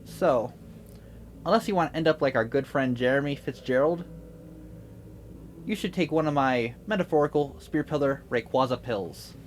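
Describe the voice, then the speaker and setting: A man's voice: mid-range voice, lively intonation, normal speed, long pauses, a little hiss or hum, lightly acted. A man doing a smug mysterious mentor. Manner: smooth and theatrical, lecturing. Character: smug, mysterious male mentor offering pills. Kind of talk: comedy skit.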